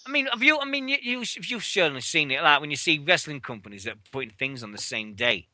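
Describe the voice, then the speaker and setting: On a radio show, a British man with a high, piercingly bright voice rants fast and excitedly about wrestling. He talks casually and swears a lot, and the recording is close and dry with no room sound.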